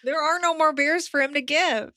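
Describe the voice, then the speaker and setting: A woman's voice: high voice, moderate pace, pushed and bright, dry recording, studio quality. A woman co-hosting a podcast, reacting briefly and asking curious follow-up questions. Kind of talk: casual chat.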